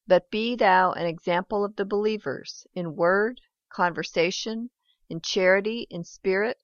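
A woman with a fairly low voice reads devotional prose in a steady, solemn manner. The recording is dry and a little dull. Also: no echo. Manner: measured, solemn reading. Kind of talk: reading a devotional book aloud.

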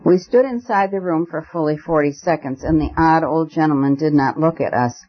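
A man narrating a story aloud as an audiobook reader, in a measured, expressive way. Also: on the high side, lo-fi sound, soft background music. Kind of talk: scripted narration.

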